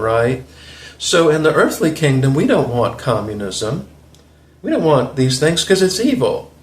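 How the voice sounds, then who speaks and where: A man in his forties with a Southern US accent, hosting a rambling, opinionated monologue with chuckling asides. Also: medium pitch. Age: 40s. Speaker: video host. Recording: roomy echo.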